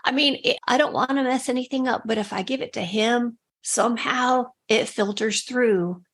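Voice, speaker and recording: A woman's voice: a little high, a bit bright. A woman guest on a talk show, sharing personal faith stories in an earnest, casual way. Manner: earnest, storytelling, quick bursts. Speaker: podcast guest.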